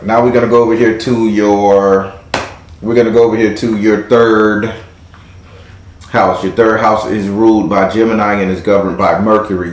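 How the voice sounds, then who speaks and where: A man with a fairly low voice hosts a live tarot reading. He talks to his caller casually, with slang and a teasing edge. The sound carries a roomy echo. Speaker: tarot reader and host.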